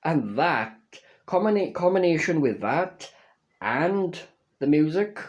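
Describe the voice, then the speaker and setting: A young man casually reviewing a video game, slow and halting, swearing constantly and restarting his words, earnest and emotional. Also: on the high side, very animated.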